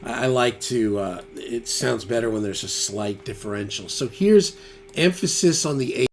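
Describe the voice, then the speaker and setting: A man's voice: medium pitch, expressive, normal speed, noisy background. A man casually talking through a guitar tone demo, thinking aloud and trailing off as he adjusts settings. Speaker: guitarist demonstrating gear. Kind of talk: casual studio demo talk. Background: loud electric guitar playback.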